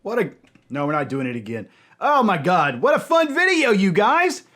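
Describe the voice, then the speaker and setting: A man hosting a music video reaction, talking to his audience and breaking into loud cries of dismay and delight. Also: high voice, big pitch swings, normal speed. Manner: addresses audience as ladies and gentlemen.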